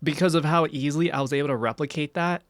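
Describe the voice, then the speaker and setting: A man streams live, rambling casually with his viewers, reading their messages aloud, and filling his speech with "like." His voice is fairly high, steady in tone, and fast, with no room sound.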